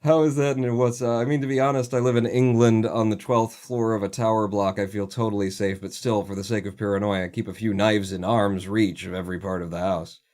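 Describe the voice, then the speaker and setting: A man's voice: lowish voice, fairly even intonation, a little fast, few pauses, darkish tone. A man hosting a casual livestream, ranting sarcastically and swearing freely as he chats. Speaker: livestream host.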